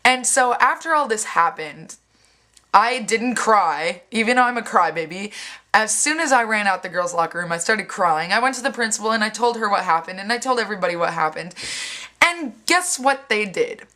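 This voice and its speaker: A woman's voice: medium pitch, normal speed. A young woman vlogging casually, acting out quoted lines and swearing bluntly, with lots of "like". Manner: animated, acts out other people's lines in quoted voices; frequent "like" fillers, blunt and sweary. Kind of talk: casual storytelling vlog.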